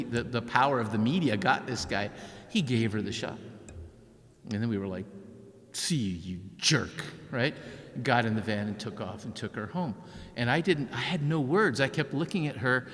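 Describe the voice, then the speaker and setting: A male author gives a keynote talk from a large church, his mid-pitched voice carried by a long reverb. He tells the story vividly and acts out the voices of the people in it. The sound is open and spacious. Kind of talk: storytelling speech.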